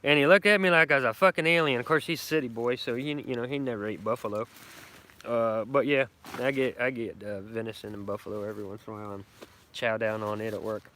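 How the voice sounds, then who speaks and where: Middle-aged man, brash live-stream rambler, bright tone. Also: medium pitch, fairly even intonation, quick pace, slight background noise. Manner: brash, profane, boastful country talk. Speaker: bushcraft vlogger doing a live stream. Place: outdoors at a woodland camp.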